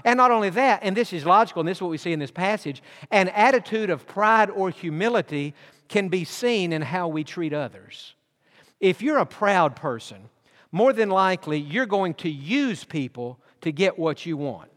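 A man preaching in a church, his fairly high voice carrying through a long hall reverb. He tells folksy stories and slips in easy humor as an associate pastor. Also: expressive, moderate pace, a bit bright. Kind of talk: sermon. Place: church sanctuary.

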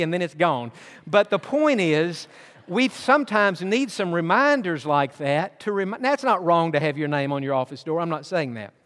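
A man preaching in a church, his fairly high voice carrying through a long hall reverb. He tells folksy stories and slips in easy humor as an associate pastor. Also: fairly bright tone. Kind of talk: sermon. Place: church sanctuary.

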